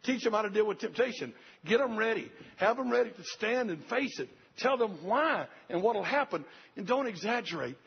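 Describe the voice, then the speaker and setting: A man's voice: high-pitched, animated, normal speed, gravelly, slightly rough. An older man preaching a sermon, earnest and repetitive, speaking straight to the congregation. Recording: dull lo-fi recording.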